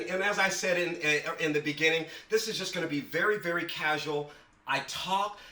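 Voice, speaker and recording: A man's voice: fairly high pitch, bright, forceful tone, far from the mic. A man teaching a casual writing class, emphatic and fond of repeating words for stress. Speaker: writing instructor. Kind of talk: casual online class talk. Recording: echoey room, voice a bit off-mic.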